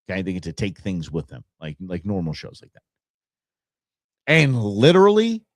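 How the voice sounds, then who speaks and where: A man's voice: on the low side, dry recording, studio quality. A man hosting his own show, talking casually and enthusiastically, rambling through stories and restarting his sentences. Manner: rambling, enthusiastic, self-interrupting. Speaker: show host. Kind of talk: casual solo podcast talk.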